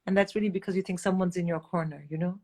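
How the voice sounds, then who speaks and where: A middle-aged woman from India, telling candid stories as a guest in a casual chat, animated and blunt, swearing freely. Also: on the low side, racing. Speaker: guest comedian.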